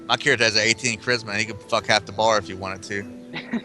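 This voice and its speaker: Male player, lowish bright voice, crude joking banter, faint music behind. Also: steady tone, quick pace. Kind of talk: casual tabletop game chat.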